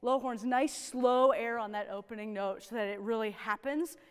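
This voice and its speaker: A woman's voice: fairly high pitch, normal speed, smooth, big-room sound. A woman horn teacher coaching young players in a rehearsal, upbeat and encouraging, often checking in with "right?". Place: rehearsal room with young musicians.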